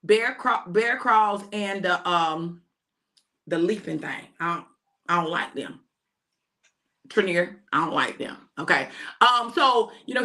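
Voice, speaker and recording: A woman minister giving a fervent, repetitive exhortation, often shouting, with chatty asides in between. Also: medium pitch.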